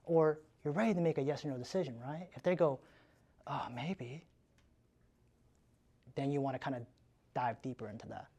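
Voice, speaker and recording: A man giving a live sales training in a casual, energetic way, often tagging his points with "right?". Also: mid-range voice, quick pace.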